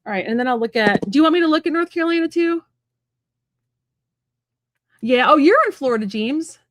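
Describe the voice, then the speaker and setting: Fast, chatty woman reading tarot live. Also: sits high, animated, fairly bright tone, no echo. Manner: fast, rambling and chatty, many fillers. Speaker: psychic medium and tarot reader. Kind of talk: live-stream tarot reading, casual chat to viewers. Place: at home.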